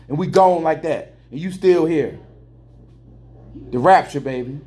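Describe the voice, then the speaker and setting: A middle-aged American truck driver venting in an emotional, preachy vlog monologue indoors at a terminal, sliding between low mutters and high emphatic bursts. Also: male voice, measured pace, long pauses, a little mellow, a little hiss or hum. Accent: American English.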